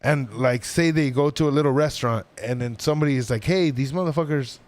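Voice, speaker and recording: A man's voice: medium pitch, fast, no room sound. A man telling a story on a podcast in a casual, rambling way, swearing a lot and acting out what people said. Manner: profane, rambling, animated quoting. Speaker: podcast guest.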